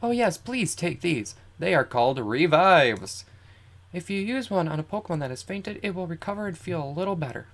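A streamer putting on a shy, gentle young girl. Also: mid-range voice, lively intonation, moderate pace, pitched above the performer's own voice, natural voice. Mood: polite. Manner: soft, earnest reading of game dialogue. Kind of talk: reading game text aloud in character.

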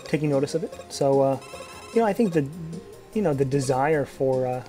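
A man's voice: mid-range voice, mellow. A young man giving casual gameplay commentary, rambling and profane, full of fillers and restarts. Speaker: let's play commentator.

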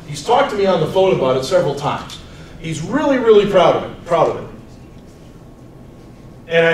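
A teacher in his forties telling personal stories to students in an animated way, swinging from loud to soft. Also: fairly high pitch, a little fast. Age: 40s. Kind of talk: storytelling talk to students. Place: school hall. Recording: echoey room, mic far off, faint noise.

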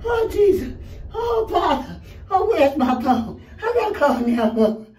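A woman's voice: high-pitched, sing-song, measured pace, darkish tone. An older grandmother in a frantic panic, crying out to the Lord and calling for help, then swearing angrily. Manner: frantic, praying aloud, swearing when angry. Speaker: grandmother, prank target. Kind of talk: panicked reaction. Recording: echoey room, far from mic.

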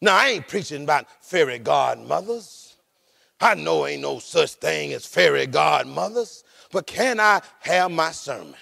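A man preaches in a high, gravelly voice with plenty of fry. He tells the story like an animated preacher, laughing along the way. He swings from shouted peaks down to low, quiet asides. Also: unhurried. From rural United States. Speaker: pastor. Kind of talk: sermon.

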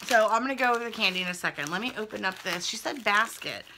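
A woman's voice: mid-range voice, expressive, quick pace, noisy background. A young adult woman chatting casually at home as she opens fan mail, gushing and thinking aloud. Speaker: vlogger opening fan mail. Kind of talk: casual chat. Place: indoors at home.

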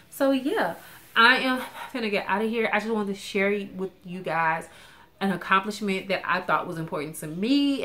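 A woman talks in a candid, chatty way to camera, often restarting her sentences. Her voice sits a little low but has a bright, forceful edge. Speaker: vlogger sharing her budget. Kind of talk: casual chat to camera.

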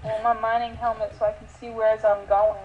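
Excitable girl gaming, kinda high voice, muffled lo-fi mic. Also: a little fast, soft background music. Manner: giddy, rambling, easily excited. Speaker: let's play player. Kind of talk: casual gaming chat. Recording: dull lo-fi mic with faint hiss.

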